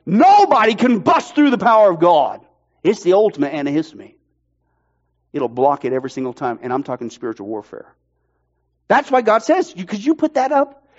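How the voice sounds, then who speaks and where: A pastor preaching a sermon with emphatic, energetic delivery and playful jokes. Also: male voice, very high voice. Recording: dull lo-fi sound.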